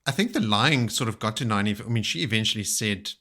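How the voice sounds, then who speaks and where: Male podcast co-host, low and bright, chatty book-club talk. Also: quick pace. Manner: chatty, quotes passages in an animated way. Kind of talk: casual book discussion.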